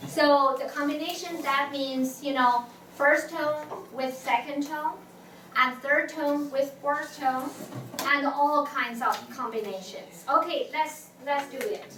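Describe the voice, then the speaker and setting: A woman leads a class in a high, unhurried voice. She restarts her phrases often and sings out tones for students to repeat. The sound is distant and echoey, with steady room noise behind her. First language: Mandarin Chinese. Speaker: Chinese language teacher. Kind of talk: classroom teaching, call and response. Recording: echoey classroom from far off, noisy.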